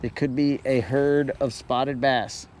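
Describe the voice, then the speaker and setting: Slow-talking man chatting on his fishing stream. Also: medium pitch, steady tone, darkish tone, slight background noise. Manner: rambling, joking with viewers. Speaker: fishing livestream host. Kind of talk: casual live-stream chat. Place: on a boat on a lake outdoors.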